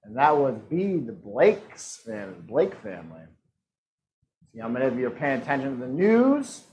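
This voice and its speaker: A man's voice: medium pitch, huge pitch swings, normal speed, darkish tone, lo-fi sound, a little hiss or hum. A man hosting a live-streamed trivia game, reading questions and answer options in a playful, teasing way. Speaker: trivia host.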